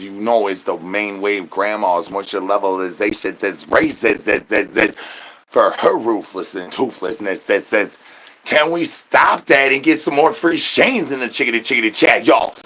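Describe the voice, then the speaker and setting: A man doing an absurd comedy rant to his chat, spilling rhyming nonsense patter with rapid stuttered repetitions. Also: on the low side, a bit bright. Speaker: streamer.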